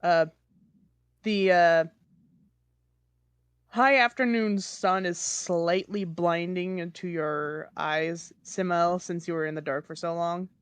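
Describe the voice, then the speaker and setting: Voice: medium pitch, fairly even intonation, slow pace, smooth, no echo. A game master narrating a tabletop game, describing scenes with some hesitation and fillers.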